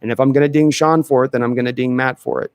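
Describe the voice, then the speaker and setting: Brief: male host, casual live-stream chat, thinks out loud, dry close-miked sound. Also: mid-range voice, steady tone, fast, clean tone, dry recording. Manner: chatty, thinks aloud with restarts. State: dry throat. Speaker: podcast host answering chat questions.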